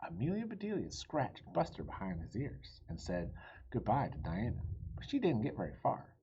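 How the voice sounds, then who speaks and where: Husky man reading a children's book aloud. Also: mid-range voice, moderate pace, lo-fi sound. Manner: animated, friendly, asks listeners questions. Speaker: storybook reader.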